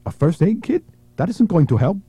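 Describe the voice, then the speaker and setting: A man's voice: sits high, big pitch swings, moderate pace, warm tone, slightly rough, no room sound, voice pushed up, exaggerated voice. A man voicing a frantic woman who pleads urgently for help for an injured girl. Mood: pleading.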